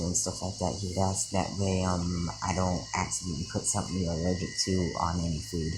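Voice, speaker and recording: A tired man improvising a fan-fiction story, rambling with many ums and restarts, outdoors at night with loud crickets. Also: low voice, little pitch movement, fairly quick, background noise. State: tired, yawning. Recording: crickets chirping loudly behind. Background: crickets and insects.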